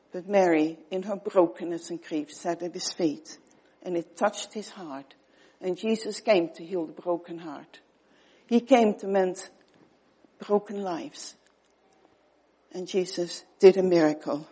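Woman preacher, earnest, soft breathy delivery with pauses. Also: medium pitch. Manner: earnest, pausing, drops to soft tones for emphasis. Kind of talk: sermon.

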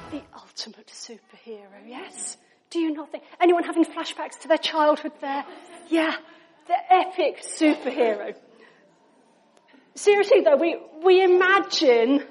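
A woman preaching a sermon in a chatty, conversational way, often asking her listeners questions. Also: sits high.

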